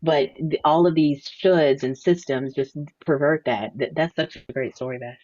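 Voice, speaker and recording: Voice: mid-range voice, normal speed, a little mellow, no room sound, highs cut off. A host answering a guest's story with earnest, thoughtful commentary. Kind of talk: reflective talk-show commentary.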